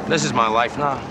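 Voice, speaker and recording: An actor with an American accent playing a gruff, world-weary tough-guy ex-politician in a comedy film. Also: fairly high pitch. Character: weary tough-guy ex-politician who quit for a quiet river life. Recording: film soundtrack with loud wind and water noise.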